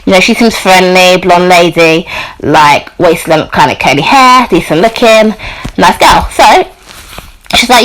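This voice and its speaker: A woman's voice: on the low side, normal speed, rough recording. A woman telling a personal story on her vlog in a chatty way, full of "you know" and "like", acting out the people she quotes. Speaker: YouTuber.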